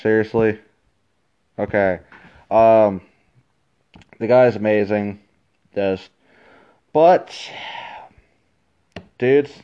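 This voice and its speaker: A man in the middle of a casual fan rant, excitable and exasperated, stumbling over fillers and restarting his sentences. His voice sits at an ordinary middle pitch. It comes through a dull, lo-fi phone recording. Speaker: wrestling fan commentator.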